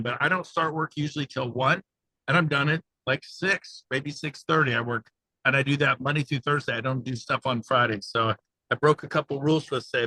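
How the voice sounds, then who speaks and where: A man talking with high energy and excitement on a video call from the passenger seat of a car, rambling and fired up. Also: no room sound, low-quality recording. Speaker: guest speaker, real estate agent coach.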